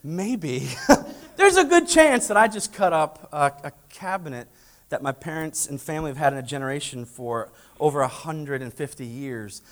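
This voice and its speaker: A man preaching a sermon, telling a lively story and acting out family dialogue, then asking the congregation direct questions. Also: on the high side, normal speed. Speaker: pastor.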